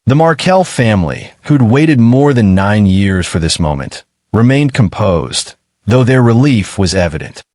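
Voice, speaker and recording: A male narrator reading a scripted true-crime account in a low, measured voice. The sound is dry and close, with no room around it. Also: animated, a little mellow, dry recording.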